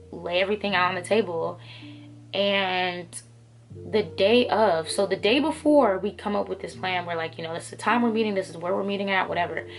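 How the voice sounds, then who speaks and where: A young woman with a somewhat low voice recounts a personal story in a loose, candid storytime style. She swears freely, keeps using filler words and acts out what people said. Soft music plays faintly behind her. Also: vocal fry. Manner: candid, profane, animated retelling with many fillers. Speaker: vlogger telling a story. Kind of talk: casual storytime monologue.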